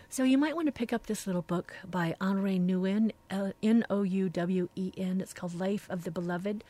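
A woman radio host reading aloud from a devotional book in a slow, reflective, soft-spoken way, dropping now and then into hushed phrases. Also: fairly low pitch.

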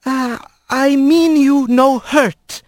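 A kindly young male animal hero speaks in halting, broken phrases, as if he's grabbing for each word in a tongue he barely knows, as a man puts him on. The voice sits high and lifts from phrase to phrase. It sounds dry and close, with no room around it. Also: expressive, slightly rough, dry recording, exaggerated voice. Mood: halting earnest.

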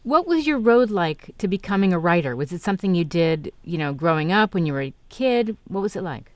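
A woman's voice: fairly low pitch, big pitch swings, a little fast, no echo. A woman hosting an interview show, asking questions and answering often with short affirmations. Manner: warm, reactive, frequent affirmations. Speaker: podcast host. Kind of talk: interview conversation.

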